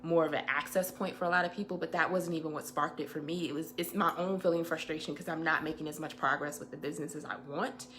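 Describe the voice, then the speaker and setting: A young adult woman hosting her weekly update as an educator, talking in a casual, reflective way with emphatic, animated stretches and colloquial asides. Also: sits low, fast, hardly any pauses, slight background noise.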